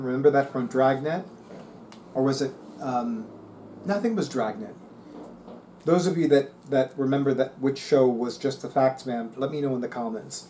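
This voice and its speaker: With a mellow, mid-range voice, a middle-aged man who reads tarot works through articles out loud and pauses to comment on them in a relaxed, chatty, musing fashion. A little background noise sits under the recording.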